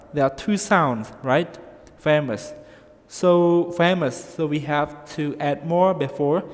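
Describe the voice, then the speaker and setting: A male English teacher with non-native English and frequent grammar slips, slowly explaining comparatives and checking in with "okay?" again and again. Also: fairly high pitch, long reverb tail. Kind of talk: recorded grammar lesson.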